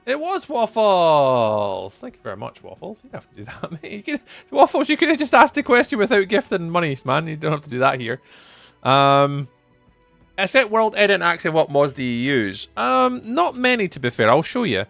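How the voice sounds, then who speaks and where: A man's voice: very animated, brisk, creaky, a bit bright, dry recording. A young Scottish man chatting casually on a live stream, reading and answering viewer messages. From Scotland. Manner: chatty, jumps high when greeting viewers. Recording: faint music behind.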